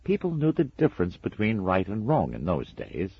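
A man voicing a fussy, gentle male angel who speaks softly and dreamily, in a storybook reading. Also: low voice, wildly swooping pitch, slow, creaky, breathy edge, no room sound, lo-fi sound, voice pushed up, heavily acted. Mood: wistful. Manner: soft, dreamy and polite.

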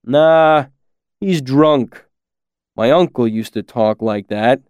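A man's voice: medium pitch, slow pace, darkish tone, smooth, no room sound, highs cut off, natural voice. A man voicing a friendly village man with a chatty, easygoing manner. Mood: amused.

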